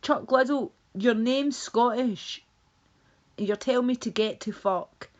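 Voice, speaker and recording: A woman's voice: fairly high pitch, slow, dull audio. A woman streaming live, casually chatting with viewers in a blunt, sweary, teasing way.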